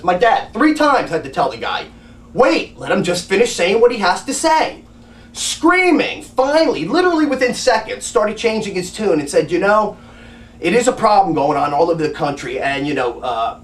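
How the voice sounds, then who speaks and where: A man's voice: high voice, far from the mic. A man telling a story about a doctor visit, worked up and acting out what everyone said. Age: adult with a grandmother and father living. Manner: agitated, animated retelling with acted-out quotes. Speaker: family advocate recounting a doctor visit. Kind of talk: casual personal storytelling. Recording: echoey room, voice away from mic.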